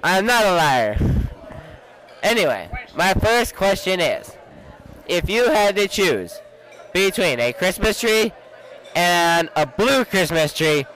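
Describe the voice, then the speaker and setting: A teenage boy with a high voice joins a casual, goofy chat outdoors. He teases his friend with mock-serious questions. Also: sing-song, slow pace, fairly bright tone, rough recording. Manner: teasing, jokey questioning. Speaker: co-host asking questions.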